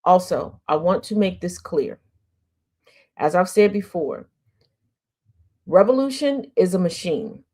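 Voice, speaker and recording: In a warm, lowish voice, a woman hosts an opinionated commentary stream, speaking slowly and sing-song with long pauses. The news commentary host is sassy and sarcastic, repeating herself and firing off rhetorical questions to drive her points.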